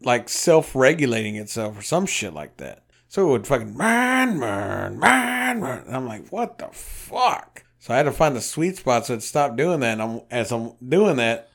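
This man speaks at a medium pitch, a little fast, with hardly any pauses. Chatting casually on a podcast, he tells a meandering road-trip tale full of profanity and performs each person's dialogue with animated energy.

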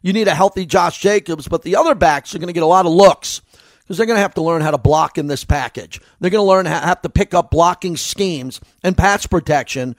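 A man's voice: a little high, a little fast, no room sound. A man with a New York accent giving a solo sports commentary as host, in a conversational, rambling way.

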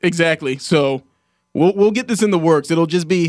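A man's voice: on the high side, no room sound, studio quality. A young adult man hosting a sports radio show, joking with his co-hosts and wrapping up the broadcast. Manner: quick, joking, wraps up the show. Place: radio studio.

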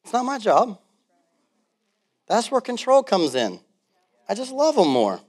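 A man's voice: high-pitched, unhurried. A man preaching a sermon as pastor, telling stories with laughter and acting out quotes. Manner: animated storytelling with laughs and acted-out quotes.

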